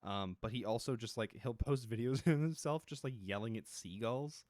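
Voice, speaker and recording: A man's voice: medium pitch, normal speed, darkish tone, dry recording, clean studio sound. A young man streaming live, chatting casually and rambling, swearing freely and often restarting his sentences. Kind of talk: casual chat.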